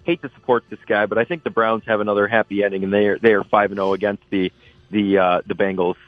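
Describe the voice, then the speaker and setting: A man's voice: on the low side, level tone, fast, no room sound, soft background music. Grumbling man on a tinny line. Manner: reluctant, grumbling. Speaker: panelist. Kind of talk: casual sports picks chat.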